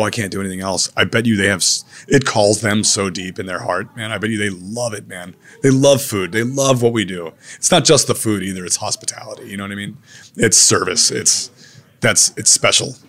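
Man, chef, low-pitched, laid-back, blunt, casual slangy talk. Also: normal speed, fairly bright tone. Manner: laid-back, blunt, peppered with "man" and "dude", occasional swearing. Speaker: chef and restaurateur.

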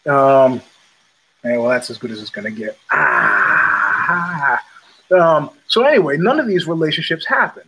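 A man's voice: on the high side, a little fast, heavy background noise. A man hosting his own show, telling stories in a blunt, profane, casual monologue and repeating phrases for emphasis. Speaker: podcast host.

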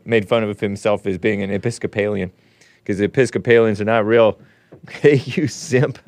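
A middle-aged man hosts his own livestream show from a home studio in Los Angeles, chatting casually and rambling with joking asides. His voice sits at a medium pitch with a clean tone and no room sound.

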